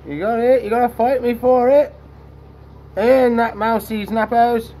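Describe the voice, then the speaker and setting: A man's voice: extremely high pitch, fairly even intonation, a little slow, dark tone. Chatty man coaxing his reptiles. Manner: chatty, talks to the animals in a coaxing sing-song. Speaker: reptile keeper and channel host. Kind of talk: casual animal-feeding vlog. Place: indoors among reptile tanks.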